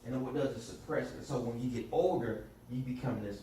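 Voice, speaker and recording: A man leading a small sales workshop, telling animated stories and acting out quotes in a sarcastic, lively way. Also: fast. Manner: lively storyteller, acts out quotes in high voices, sarcastic. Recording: echoey room from far off, clear background noise.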